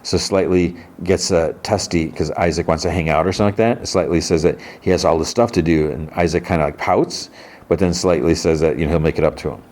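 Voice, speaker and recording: A man's voice: low voice, fairly even intonation, a little fast, a little mellow. A man hosting a podcast, casually recapping a TV episode and retelling scenes with characters' lines. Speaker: podcast host.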